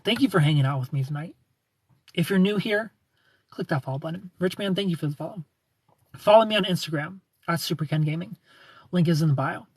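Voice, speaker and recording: A young man with a Southern US accent hosts a casual livestream, teasing and greeting viewers by name. His voice sits a little higher than most men's. The sound is dry and close, with no room echo. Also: fairly quick, long pauses, husky. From United States. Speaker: livestream host. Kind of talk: casual chat with live viewers.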